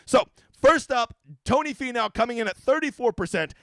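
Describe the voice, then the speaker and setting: A man's voice: very high-pitched, lively intonation, normal speed, vocal fry, very noisy. A man hosting a casual fantasy golf livestream, talking in brash, profane, joking rants. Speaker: fantasy sports golf analyst.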